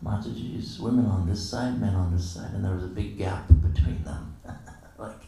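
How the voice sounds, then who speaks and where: A man with a low, gravelly voice gives a temple morning lecture as a string of casual stories. He slips into the voices of the people he quotes and chuckles along the way. The sound is very reverberant and picked up from across the hall. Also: fairly even intonation, moderate pace, warm tone. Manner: casual storytelling, acting out quoted dialogue with chuckles. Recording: very echoey hall, distant mic.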